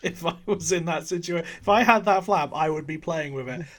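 A man with a somewhat high voice talks through films in casual podcast chat. He rambles, restarts his sentences and giggles between remarks, keeping the talk loose and chatty. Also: fairly quick. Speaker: podcast co-host reviewing films.

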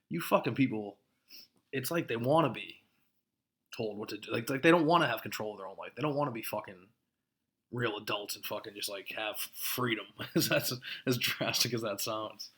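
A man's voice: on the low side, normal speed, fairly bright tone. A man hosting a podcast, ranting casually with lots of swearing and short laughs. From Massachusetts. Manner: profane, laughing, worked-up ranting. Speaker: podcast host.

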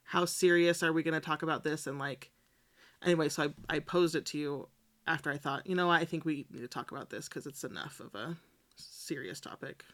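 Bright-voiced, thoughtful male podcaster. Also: on the high side. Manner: thoughtful, measured, reflective. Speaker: podcast co-host. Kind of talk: casual chat.

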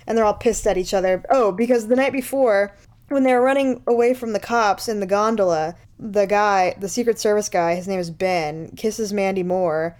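A woman's voice: medium pitch, moderate pace, darkish tone. A woman casually recapping a movie for a podcast, sarcastic and profane, laughing often. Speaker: podcast co-host.

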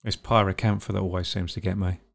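Host, male, low and gravelly, halting interviewer with a hesitant delivery. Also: little pitch movement. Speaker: podcast host. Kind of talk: interview questions.

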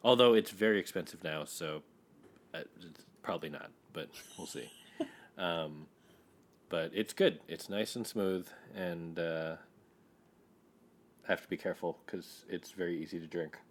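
A man's voice: low-pitched, a little slow, long pauses, a little hiss or hum. A man co-hosting a podcast, rambling casually with many fillers. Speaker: podcast co-host. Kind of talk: casual chat.

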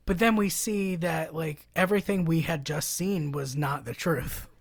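A woman casually recapping a film plot in conversation, relaxed, with many fillers. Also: deep voice, a little slow, breathy edge.

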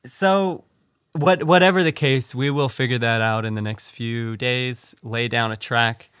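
A man's voice: medium pitch, fairly even intonation, a little slow, a bit bright, smooth, dry recording, clean studio sound. Rambling male podcast co-host. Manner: rambling, many restarts and fillers. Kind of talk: casual podcast chat.

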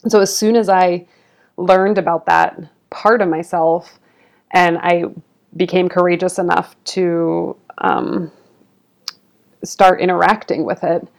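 A woman's voice: lowish voice, little pitch movement, takes it slowly, vocal fry. A woman guest speaking in a reflective, earnest way, with frequent fillers. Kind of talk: conversational interview.

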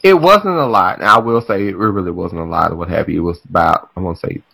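A man hosting a casual, comedic chat, animated and swinging between loud exclamations and muttered asides. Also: sits low, fast, vocal fry, husky, no room sound, low-quality recording.

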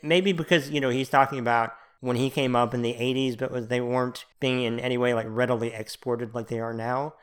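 A man hosting a podcast in casual chat, talking in a relaxed, conversational way and chuckling along with his guest. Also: medium pitch, a little fast, hardly any pauses, smooth. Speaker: podcast host.

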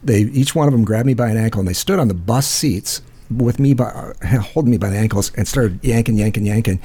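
A man's voice: lowish voice, brisk, warm tone, slightly rough. A man hosting a call-in show, telling a rambling, profane story full of fillers. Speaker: host. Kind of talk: casual storytelling.

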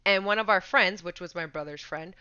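A young woman telling a story in a casual chat, animated, swearing freely and laughing. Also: fairly low pitch, a little fast, smooth, dry recording. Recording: dull lo-fi sound.

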